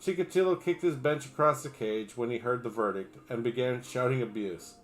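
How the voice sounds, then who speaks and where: Over soft background music, a man with a brisk, mid-range voice reads an article aloud on a livestream. He reads steadily but trips over names and breaks off for crude, sarcastic comments.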